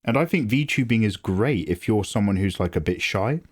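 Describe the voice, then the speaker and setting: A man in his forties chatting casually on a live drawing stream, animated and self-deprecating, swearing freely. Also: moderate pace. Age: 40s. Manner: mocks others with squeaky high voices. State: tearing up, emotional. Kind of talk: casual livestream chat. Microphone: desk mic, no camera.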